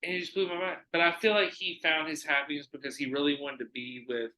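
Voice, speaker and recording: A man hosting a podcast, telling stories in casual chat, animated and full of swearing. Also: on the high side, fast, echoey room, low-quality recording. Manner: animated, profane storytelling. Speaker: podcast host.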